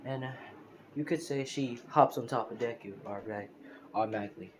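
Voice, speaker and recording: A man of middle pitch rambles through an improvised fan story, leaning on fillers and restarting his sentences. He is recorded on a phone, with a faint hiss of noise underneath. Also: brisk. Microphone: phone screen recorder.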